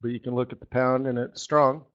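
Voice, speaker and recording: A man's voice: mid-range voice, level tone, a little fast, fairly bright tone, highs cut off. A man hosting a live trading webinar, talking in a sarcastic, joking, rambling way. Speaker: forex market strategist hosting a live webinar.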